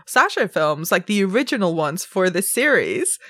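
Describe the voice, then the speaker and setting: A woman who is a writer and actor, a guest on a podcast, talking about films in a casual, expressive way and swearing freely. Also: on the low side, normal speed, no echo, clean studio sound. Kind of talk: casual film discussion.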